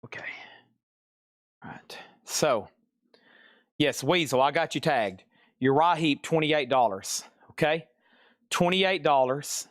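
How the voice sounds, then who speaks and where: A man's voice: fairly high pitch, lively intonation, takes it slowly, pauses often, fairly bright tone, no room sound, studio quality. A man running a live vinyl sale, chatting in a folksy, rambling way and humming bits of songs. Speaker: live-stream record seller. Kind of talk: live sales stream chat.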